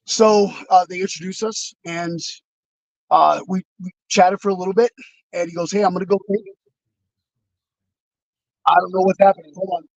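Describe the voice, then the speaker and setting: High, gravelly man telling stories. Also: fairly even intonation, moderate pace, no room sound, rough recording. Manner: rambling, reflective, many fillers and restarts. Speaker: interview guest, former wrestler. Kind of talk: casual storytelling.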